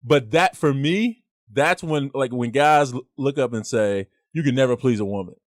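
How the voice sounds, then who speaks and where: A man's voice: medium pitch, moderate pace, no room sound, studio quality. A young man hosting a casual podcast, arguing his point with slang and emphatic rhetorical questions. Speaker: podcast host.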